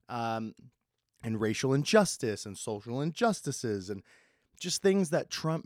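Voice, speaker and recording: A young man talks straight into a close podcast mic, rambling in casual solo chat. He is sarcastic and swears often, rushing some phrases and drawing others out. His mid-pitched voice sounds dry, with no room around it. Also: no room sound. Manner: sarcastic, swears a lot, swings between fast and slow. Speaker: podcast host.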